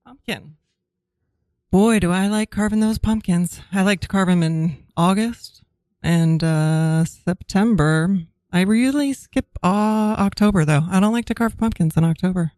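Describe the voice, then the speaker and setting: A woman with a mid-range voice improvises a playfully menacing wife, with quick, teasing asides. The recording is dry and close, with no room around her. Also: medium pitch, a little mellow, dry recording. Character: menacing pumpkin-carving wife. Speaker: guest, club co-owner. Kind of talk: improv scene.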